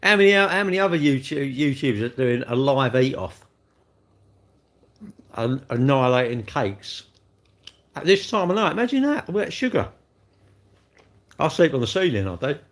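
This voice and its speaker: A man's voice: mid-range voice, expressive, normal speed, long pauses. A man, chatting cheekily and rambling to his livestream viewers while eating cake with his mouth full.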